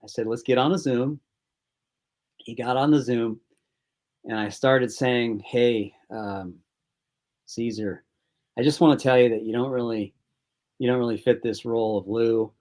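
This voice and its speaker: A man's voice: medium pitch, steady tone, unhurried, pauses often, a little mellow. A film director as an interview guest, telling rambling casual anecdotes and acting out his own quoted thoughts.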